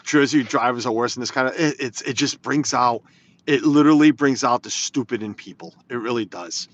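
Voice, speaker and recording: A man talks fairly quickly in a mid-range voice as he drives through snow, chatting casually to viewers, rambling and reading comments aloud. This live-stream chat was recorded inside the car as slightly dull lo-fi phone audio.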